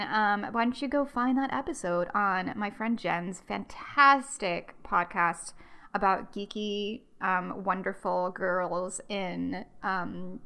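A woman's voice: mid-range voice, a bit bright. A young adult woman from the United States hosting a casual solo history podcast, chatty and rambling, with many ums and restarts. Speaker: podcast host.

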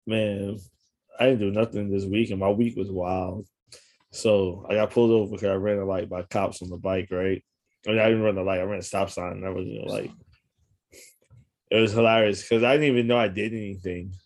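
Laid-back lower-voiced New man. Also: flat delivery, fairly quick, a little mellow. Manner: laid-back storytelling, laughs often, slangy. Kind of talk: casual chat.

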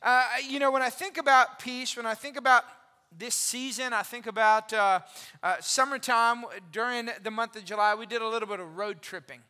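A pastor in his forties giving an animated, conversational sermon and asking the congregation questions. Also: very high voice, normal speed. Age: 40s. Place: church auditorium. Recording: reverberant hall.

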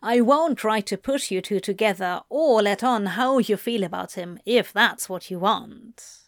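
A woman reading aloud, voicing a wry, teasing male demon in a slightly lower, softer voice. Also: unhurried, no echo, clean studio sound, close to an everyday voice. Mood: earnest. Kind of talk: amateur audiobook reading.

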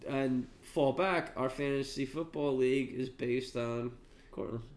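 A man's voice: mid-range voice, measured pace. A congested man co-hosting a podcast, rambling casually with many restarts and some swearing. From Long Island, US. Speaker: podcast co-host. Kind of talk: casual chat about fights. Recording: echoey room.

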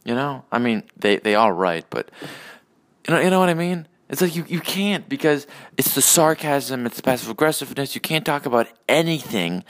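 A man hosting his own podcast, ranting alone in a profane, rambling, sarcastic way, full of restarts and asides. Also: mid-range voice. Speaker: podcast host. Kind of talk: solo ranting monologue.

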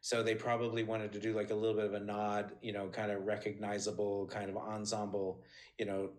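A man as a podcast interview guest, telling animated stories with many restarts and high, bright quoted lines. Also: brisk. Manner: animated storyteller, many restarts, jumps high when quoting. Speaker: interview guest, former assistant. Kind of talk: casual interview talk.

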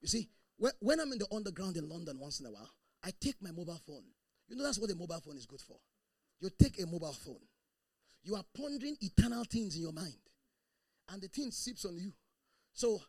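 A man preaching a sermon as pastor, animated, breaking into laughter and shouted bursts. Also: a little high, dry recording.

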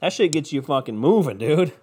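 A man hosting a podcast, ranting casually with constant swearing and a loud, animated delivery. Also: a little high, brisk, slightly rough. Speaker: podcast host.

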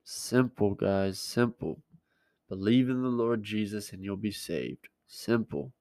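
A man's voice: fairly low pitch, slow, darkish tone, no echo. Man preaching a plain-spoken sermon, dry sound. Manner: plain-spoken, emphatic, repeats key words. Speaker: pastor. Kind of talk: conversational sermon.

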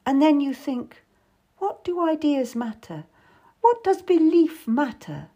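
A woman's voice: high-pitched, very animated, slow, warm tone, pitched above the performer's own voice, heavily acted. A woman voicing a worldly, tough middle-aged lady courtier who speaks wistfully and with sudden bitterness, for an audiobook. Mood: bitter. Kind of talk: audiobook character voice.

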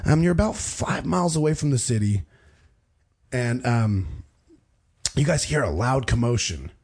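A man's voice: mid-range voice, animated, measured pace, darkish tone, husky. A young man narrating as game master in a tabletop game, rambling and loose with many fillers.

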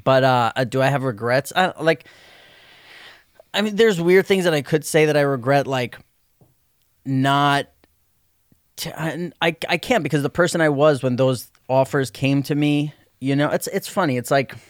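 A man's voice: on the high side, moderate pace, no room sound, clean studio sound. A man in casual chat, rambling and restarting his sentences, laughing easily. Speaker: actor, podcast guest.

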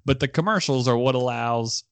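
A man's voice: medium pitch, moderate pace, clean tone, dry recording. A married man hosting a casual podcast, leading the segment and arguing his point with energy. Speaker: podcast host. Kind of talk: casual chat.

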